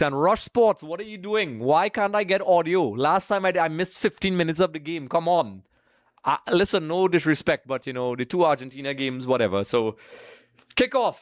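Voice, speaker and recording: Speaking in a slightly high voice, a man from Trinidad runs a laid-back, talkative watch-along livestream, welcoming viewers by name and addressing them as folks. The sound is dry and studio quality.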